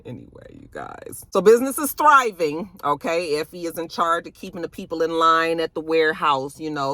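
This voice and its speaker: Animated woman doing a TV recap. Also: moderate pace, few pauses, no echo, studio quality. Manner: animated, acts out characters' lines with big pitch jumps; profane, slangy storytelling. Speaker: TV recap vlogger. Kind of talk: casual episode recap.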